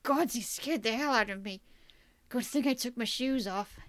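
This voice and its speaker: Woman reading nervous hidden man's inner voice, quiet and anxious, dry sound. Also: fairly high pitch, normal speed, dry recording, lightly acted. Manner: hushed, anxious inner thoughts. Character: tense young man hiding and thinking to himself.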